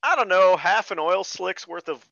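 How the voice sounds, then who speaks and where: A man's voice: high-pitched, animated, normal speed, vocal fry, fairly bright tone, no echo. A man hosting a podcast, ranting sarcastically about a bad movie in casual chat. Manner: sarcastic, exasperated rants with profanity. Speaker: podcast host. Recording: dry, dull lo-fi sound.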